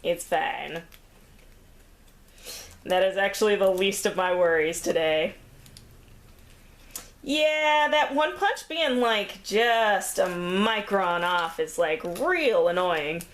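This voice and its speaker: Chatty, breathless woman crafting slowly. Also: mid-range voice, expressive. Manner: chatty, self-deprecating, laughs often. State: slightly out of breath. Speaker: craft vlogger. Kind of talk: casual crafting commentary.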